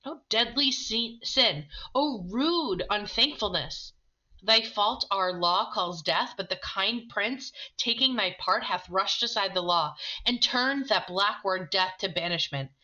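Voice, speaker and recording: A stern older friar giving a firm scolding, as a woman reads him aloud in a bright voice. It is heard on dull, lo-fi audio. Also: mid-range voice, expressive, slow pace. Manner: firm, admonishing reading.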